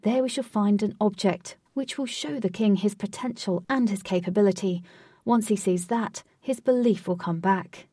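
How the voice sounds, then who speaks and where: A woman's voice: medium pitch, moderate pace, warm tone, breathy edge, no room sound, studio quality, far from the mic, natural voice. A woman voicing Wraith, a serious male guide who patiently lectures his companion in a storybook reading. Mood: earnest.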